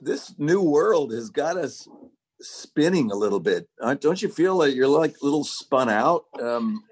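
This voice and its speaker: A man talks as a guest on a podcast through his phone on a video call. He chuckles often and keeps a relaxed, self-deprecating tone. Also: a little high, a little slow, husky. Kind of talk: casual podcast chat. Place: home without power.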